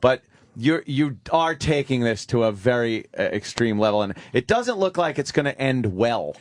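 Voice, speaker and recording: A man hosting a casual radio show, excitable and rambling as he talks to a guest. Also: medium pitch, moderate pace, no echo. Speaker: radio host. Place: radio studio. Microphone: studio microphone.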